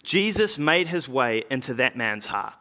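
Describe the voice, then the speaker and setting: A man performs an earnest early evangelist recounting his journey in a church drama monologue. His voice is bright and lively, with a lot of rise and fall, and he speaks slowly, with weighty pauses. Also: medium pitch. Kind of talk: dramatic first-person monologue.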